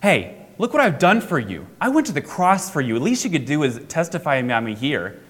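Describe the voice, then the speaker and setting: A man's voice: fairly high pitch, big pitch swings, a little fast, a bit bright, husky, exaggerated voice. A man voicing a grown man who lectures in a cheery, then guilt-tripping, sing-song tone, in a reverberant hall.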